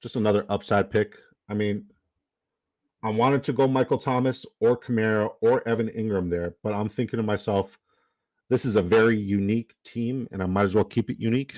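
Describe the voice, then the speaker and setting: A man's voice: on the low side, steady tone, a little fast, a little mellow, no room sound, poor audio. A man hosting a casual fantasy football draft stream, rambling with lots of fillers and reading chat comments aloud.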